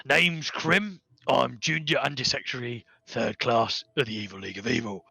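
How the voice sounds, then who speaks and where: Man doing a fussy goblin middle manager, matey and officious, crisp and bright in a dry booth. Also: medium pitch, normal speed, no room sound. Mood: chummy. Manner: chummy, bureaucratic, calls everyone lads.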